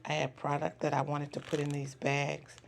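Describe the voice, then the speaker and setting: A hoarse woman with a gravelly, gruff rasp, talking in a flat, even tone. She walks through her craft supplies in a relaxed show-and-tell, with plenty of "um"s. Clear background noise runs under a home recording. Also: deep voice. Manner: unhurried, many "um" fillers. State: hoarse, voice not yet recovered. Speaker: craft seller and vlogger.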